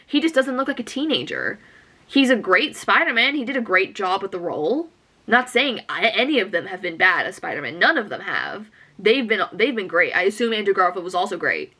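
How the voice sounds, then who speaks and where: A young woman doing film reaction commentary in an excitable, gushing, chatty way. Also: mid-range voice, brisk. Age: young adult. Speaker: movie reaction YouTuber.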